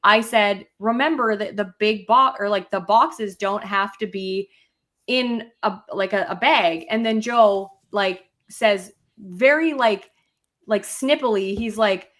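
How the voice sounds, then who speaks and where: A woman's voice: medium pitch, slow pace, fairly bright tone. A young woman co-hosting a casual podcast chat, telling stories with animation and acting out quarrels with a rising voice. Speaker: podcast co-host.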